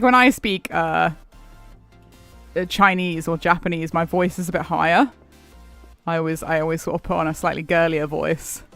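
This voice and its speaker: A man's voice: sits high, bright, forceful tone, smooth. A man streaming a game, chatting casually and rambling, laughing often as he answers chat. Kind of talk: casual live-stream chat while gaming. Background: faint background music.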